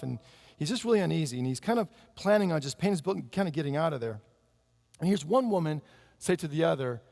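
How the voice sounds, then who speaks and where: A man preaching a sermon, telling a story with animated delivery and acting out the people in it. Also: a little high, brisk, vocal fry, big-room sound.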